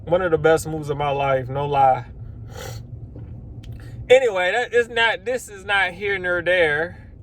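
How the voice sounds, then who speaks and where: A man vlogs outdoors about his lawn care work. His voice sits high for a man, and he talks casually. He rambles, swears, and acts out his own shocked reactions. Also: measured pace, pauses often, fairly bright tone, a little hiss or hum. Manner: swears then apologizes. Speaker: lawn care business owner. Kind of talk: casual vlog storytelling.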